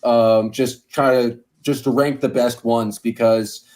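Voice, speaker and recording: A man's voice: medium pitch, fairly even intonation, slow, a little mellow. A man hosting a casual sports podcast, chatty and upbeat, laughing easily. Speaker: podcast host.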